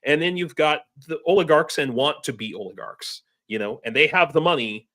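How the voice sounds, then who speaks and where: A man's voice: a little high, fairly quick, pushed and bright. An American man in a casual online roundtable, talking in a rambling way with restarts. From United States. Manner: rambling, many restarts and fillers. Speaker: show regular.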